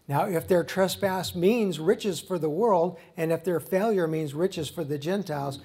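A man preaching a sermon, swinging between loud, fiery outbursts and quiet, earnest passages. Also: fairly high pitch. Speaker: pastor.

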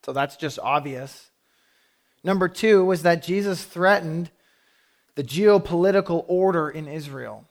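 A man's voice: fairly high pitch, a little slow. A man preaching a sermon, telling the story emphatically and acting out the speakers he quotes. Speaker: pastor.

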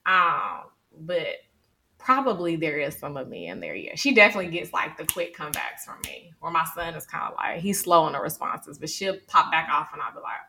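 A frank, expressive woman speaking as a podcast guest. Her voice is bright but sits low, and she sounds a little far from the microphone. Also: brisk, gravelly. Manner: frank, expressive, quotes her kids in lively asides. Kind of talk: casual chat.

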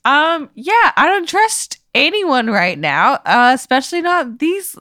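High, lively, bright-voiced woman. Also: unhurried, dry recording, clean studio sound. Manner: flustered and exasperated, swears. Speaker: guest. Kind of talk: playing along with a hypothetical.

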